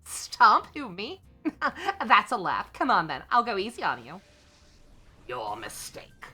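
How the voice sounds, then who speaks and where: A woman voicing a cocky male villain grunt with a low, mocking put-on voice. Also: wildly swooping pitch, slow, sharp tone, faint music behind, full character voice.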